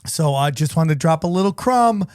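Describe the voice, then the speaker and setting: A man's voice: fairly high pitch, expressive, normal speed, darkish tone, no echo, studio quality. A man hosting a podcast, chatting casually and rambling with restarts. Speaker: podcast host.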